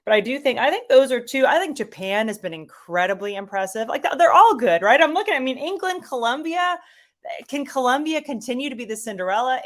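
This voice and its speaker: A middle-aged woman, a soccer commentator, chatting enthusiastically as a guest with lots of fillers. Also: on the high side. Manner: enthusiastic, animated, many fillers. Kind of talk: casual interview chat.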